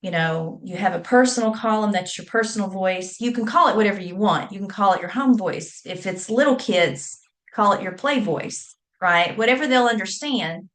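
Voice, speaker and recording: A woman's voice: mid-range voice, normal speed, fairly bright tone. A woman, a scholar and teacher explaining at length, spelling words out letter by letter. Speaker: scholar and public speaking teacher. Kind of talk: academic talk.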